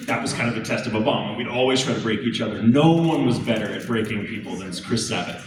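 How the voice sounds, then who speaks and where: Man telling stories in an echoey hall. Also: on the low side. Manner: animated storytelling, quick asides. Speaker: voice actor, panel guest. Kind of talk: convention panel talk. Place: large convention hall. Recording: echoey hall from far off with noise.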